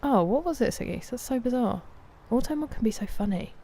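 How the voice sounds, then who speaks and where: A British woman chatting casually on a live game stream, thanking viewers and sometimes dropping into a soft whisper. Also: a little high, expressive, fairly quick. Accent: British English.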